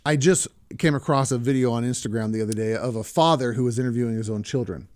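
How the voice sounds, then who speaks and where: A man's voice: mid-range voice, quick pace, a little mellow. Earnest male podcast host. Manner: earnest, emphatic, repeats words to stress points. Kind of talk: podcast talk.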